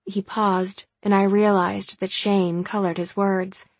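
A woman narrating a first-person novel in a wry, steady way. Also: medium pitch, slow pace, no room sound. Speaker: audiobook narrator.

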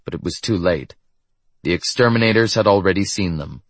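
Deep husky guy reading a story out, steady even narration, dry sound. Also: a little fast, no echo. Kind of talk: scripted narration.

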